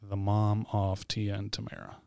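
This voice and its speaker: A man's voice: fairly low pitch, monotone, normal speed, creaky, darkish tone, clean tone, dry recording, clean studio sound. A man co-hosting a podcast in casual chat, laughing often and restarting his sentences as he goes. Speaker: podcast co-host.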